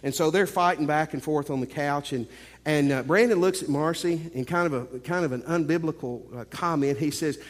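Male pastor, sermon, emphatic with playful jokes; slightly high voice, long hall reverb. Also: moderate pace. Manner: joking, emphatic preacher with playful asides.

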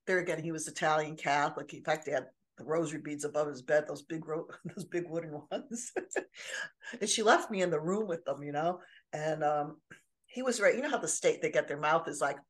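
A woman's voice: low voice, a little fast. An older woman co-hosting a podcast, telling personal stories in a casual, earnest way with many restarts. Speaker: podcast co-host. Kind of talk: casual chat.

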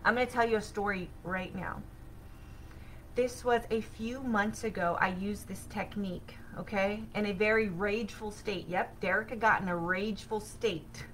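A woman hosting a spiritual self-help podcast, telling a personal story in an animated, excitable way with sudden bursts of energy. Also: mid-range voice, normal speed, slight background noise, poor audio. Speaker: podcast host.

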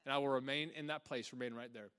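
A man preaching a lively sermon, animated, often laughing and acting out little voices. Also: medium pitch, quick pace, clean tone.

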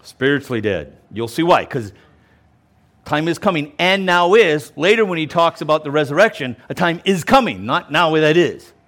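Lively, animated male pastor teaching. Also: fairly high pitch, moderate pace. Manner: animated, emphatic, explains and repeats points; casual asides and self-restarts. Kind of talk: verse-by-verse Bible teaching sermon.

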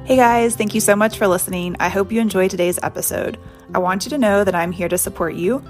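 A woman's voice: medium pitch, quick pace, faint music behind. A young woman from Tennessee hosting a podcast, telling a personal story in a casual, reflective way and saying "like" often. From Tennessee, USA. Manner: casual, reflective, heavy use of "like". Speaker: podcast host.

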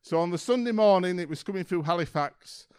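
A man's voice: high-pitched, expressive, fairly quick, darkish tone, clean tone. A man giving an informal church talk, telling a story in a chatty way with lots of ums. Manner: chatty storytelling, many ums and kind-ofs. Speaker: church speaker.

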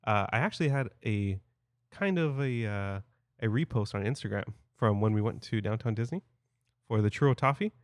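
A man's voice: lowish voice, expressive, moderate pace, no room sound. Easygoing man in dry close sound. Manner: easygoing, short agreeing replies. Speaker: podcast co-host. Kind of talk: casual chat.

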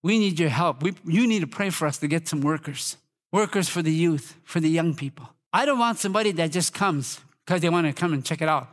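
A guest pastor from Minnesota preaching a lively, fervent sermon to a congregation, leading them in call and response and rising to shouts. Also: male voice, on the high side, a little fast. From Minnesota, USA.

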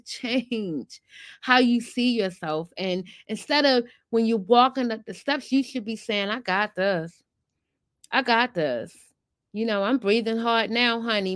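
A woman's voice: mid-range voice, no echo, clean studio sound. A woman hosting a motivational podcast, coaching listeners in a chatty, encouraging way and calling them honey and girlfriend. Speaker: podcast host and weight-loss coach.

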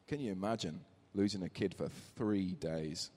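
Deep-voiced man preaching in a hall. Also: normal speed, few pauses, slightly rough. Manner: warm conversational, reads scripture aloud. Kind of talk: sermon with personal story. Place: church. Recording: reverberant church hall.

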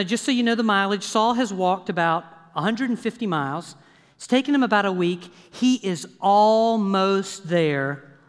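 A man preaching a sermon as pastor, lively and conversational, checking in with the congregation with frequent asides. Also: sits high. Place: church sanctuary. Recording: long hall reverb.

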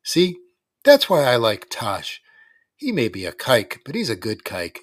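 A man voicing a cocky teenage boy bully who taunts the younger kids in a smug, drawn-out way. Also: lowish voice, wildly swooping pitch, fairly bright tone, no echo, studio quality, distant mic, heavily acted. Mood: smug taunting.

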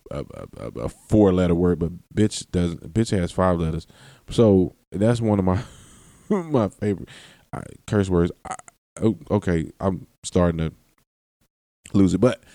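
A man's voice: deep voice, warm tone, dry recording, studio quality. A man hosting a solo podcast, long-winded and rambling, often breaking off his sentences and laughing as he goes. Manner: long-winded, self-interrupting, laughs and curses. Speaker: podcast host.

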